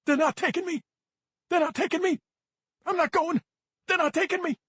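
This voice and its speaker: A man voicing a hysterical, drugged-up teenage boy who shouts and sobs in panic. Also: steady tone, normal speed, dry recording. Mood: panicked. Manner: shrill, sobbing, frantic shouting.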